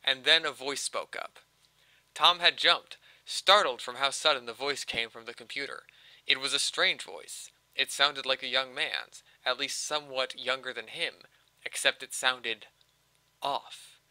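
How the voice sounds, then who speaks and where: A man reads a story aloud to friends in an animated voice, breaking off now and then for jokes. His tone is very bright and sharp. The sound is close and dry, from a desktop mic on a voice call. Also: medium pitch, dry recording, poor audio. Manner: animated, quick reading with asides. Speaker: story reader.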